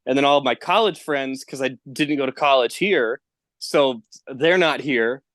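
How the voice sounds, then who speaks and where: A man's voice: mid-range voice, moderate pace, fairly bright tone, dry recording. A young man, a podcast guest, chatting casually and laughing often, with a self-deprecating manner. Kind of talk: casual chat. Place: parents' house.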